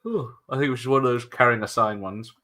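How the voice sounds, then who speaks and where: A man casually commenting on a movie during a live watch-along, jokey and quick to laugh, describing what happens on screen. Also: medium pitch, sharp tone.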